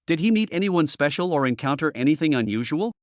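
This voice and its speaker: A man's voice: fairly high pitch, sing-song, quick pace, no echo, clean studio sound. A man voicing a slick, scheming young male doctor who puts on righteous concern, in a storybook recap. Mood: gentle probing.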